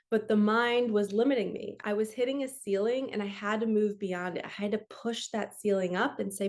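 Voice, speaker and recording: A woman spiritual coach reads from a book to her camera and adds her own thoughts. Her voice is gentle and earnest, and she laughs easily. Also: medium pitch, fairly even intonation, a little fast, hardly any pauses. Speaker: spiritual coach and card reader. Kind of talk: casual reading aloud from a book with commentary.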